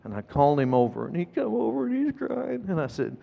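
Brief: middle-aged man, pastor, earnest emphatic sermon, slightly high voice, long reverb. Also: big pitch swings, a little fast, creaky, few pauses, mellow, dull audio. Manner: earnest, emphatic, repeats key points. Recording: long reverb of a large hall.

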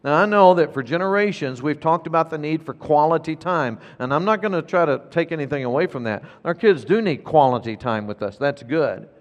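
A man's voice: on the high side, animated, fairly quick, hardly any pauses, in a large hall, muffled recording. A man preaching a sermon as pastor, emphatic and repeating key phrases for weight.

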